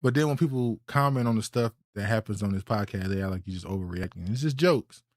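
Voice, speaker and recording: A man delivers podcast reaction commentary in an indignant, blunt tone. He often repeats a word as he restarts his thought. His voice sits at a middle pitch and sounds dry, with no room around it. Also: fast, no room sound. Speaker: podcast host reacting to clips.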